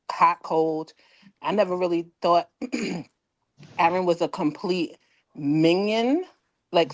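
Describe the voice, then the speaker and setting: A woman calling in to a casual chat, giving thoughtful, measured opinions with fillers. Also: fairly low pitch, no echo, rough recording.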